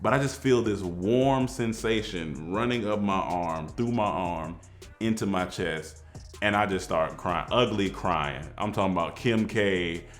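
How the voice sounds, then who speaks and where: A man telling a personal story in a casual, animated way, acting out the people in it. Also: low-pitched, unhurried, soft background music. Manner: animated, excitable storytelling with voiced quotes.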